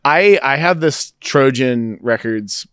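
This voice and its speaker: A young man hosts a relaxed podcast conversation, often restarting his sentences with a stammer and laughing easily. His voice is smooth and clear at a middle pitch. The recording is dry and close. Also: slow pace, no echo. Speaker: podcast host. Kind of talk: casual podcast chat. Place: podcast studio.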